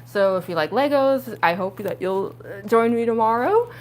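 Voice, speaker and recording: Giggly, chatty young woman streaming. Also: normal speed. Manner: giggly, chatty, frequent laughs and fillers; excitable, pitch jumping up on exclamations. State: speaking around costume fake teeth. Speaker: livestreamer. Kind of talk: casual livestream chat.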